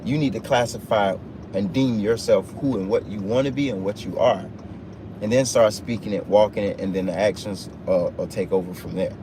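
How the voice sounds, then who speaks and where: A man's voice: on the low side, normal speed. A man giving an off-the-cuff motivational talk on a livestream, driving his points home with emphatic, repetitive phrasing. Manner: emphatic, repetitive preaching cadence. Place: inside a truck. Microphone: phone livestream. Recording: noisy vehicle cabin sound.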